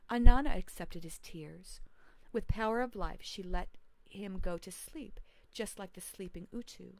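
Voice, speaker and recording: A woman teaching history at home, reading a text aloud and pausing to explain it in a measured, explanatory way. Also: mid-range voice, creaky, darkish tone, no room sound, poor audio. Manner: measured, explanatory, adds side comments. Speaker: homeschool teacher.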